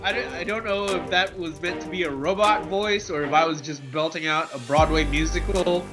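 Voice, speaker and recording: A man's voice: on the high side, fairly even intonation, moderate pace, music in the background. A man co-hosting a podcast in a casual, joking chat, often repeating words as he starts a thought. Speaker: podcast co-host.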